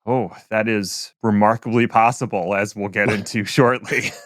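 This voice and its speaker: A man's voice: on the low side, fairly even intonation, no room sound, studio quality. A man hosting a podcast, joking around in casual chat over a remote call. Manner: jokey, playful, quick to laugh. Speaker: podcast host.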